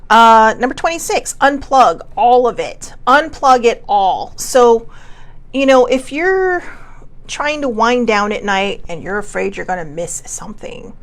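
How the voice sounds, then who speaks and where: A woman's voice: on the high side, expressive, a little slow. A woman in her forties hosting a casual self-care talk show, chatty and rambling, laughing often and a bit congested. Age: 40s. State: coughing, sinus congestion. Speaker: host.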